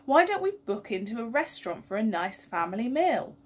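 A woman voicing a bossy father who always thinks he knows best, with a breathy voice. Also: on the high side, very animated, a little fast. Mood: grumbling. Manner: grumbling, bossy. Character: know-it-all grumbling father.

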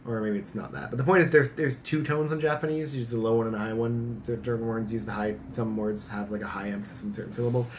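An American man in an easygoing chat, explaining in long, rambling stretches full of filler words. His pitch sits in a plain middle range, and his eagerness spills over as he talks. A faint hiss of noise runs behind him. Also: steady tone, fast talker, few pauses. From United States. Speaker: reaction channel co-host. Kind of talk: casual chat.

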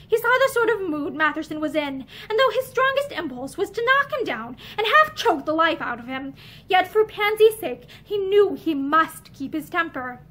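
A woman with a high voice reads an old novel aloud, seated before shelves full of books. She gives the spoken lines a touch of character while the narration stays plain. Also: big pitch swings, normal speed, fairly bright tone. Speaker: audiobook reader. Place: room with bookshelves.

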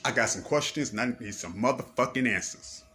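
A man's voice: medium pitch, expressive, a little fast, pushed and bright, slight background noise. A man delivering a confrontational, profanity-heavy rant to a camera, repeating himself and firing accusing questions. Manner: confrontational, repetitive, swearing. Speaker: person ranting to camera.

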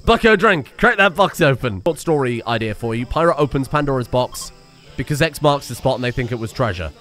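A man giving excitable, sweary let's play commentary and yelling at the game. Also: mid-range voice, a little fast, faint music behind. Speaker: game streamer.

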